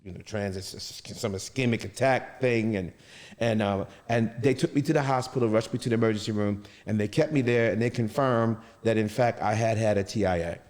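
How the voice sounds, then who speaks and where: A middle-aged man telling his own story in an interview, halting and often restarting his sentences. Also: on the low side, a little mellow. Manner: halting, with many restarts and fillers. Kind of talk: personal storytelling. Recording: long reverb.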